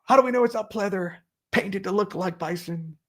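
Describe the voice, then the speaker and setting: A man doing a blustering, indignant loudmouth. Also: sits high, normal speed, voice pushed up.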